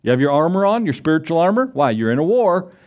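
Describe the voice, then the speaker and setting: Male preacher, fairly high voice, sermon delivery, rhetorical questions, slow scripture reading. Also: big pitch swings, muffled recording. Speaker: pastor.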